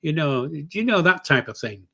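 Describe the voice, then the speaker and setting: A man's voice: fairly high pitch, big pitch swings, normal speed, vocal fry, bright, forceful tone. An older man with a Yorkshire accent, co-hosting a casual live-stream chat in an easygoing, agreeable way. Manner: easygoing, agreeable, short replies. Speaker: co-host.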